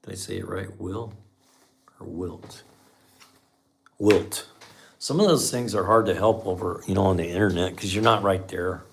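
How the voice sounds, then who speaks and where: A man's voice: low voice, moderate pace, vocal fry, pauses often, slight background noise. A middle-aged man hosting a live stream as a mechanic, chatting casually with viewers and telling folksy shop stories. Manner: folksy storyteller, says man a lot.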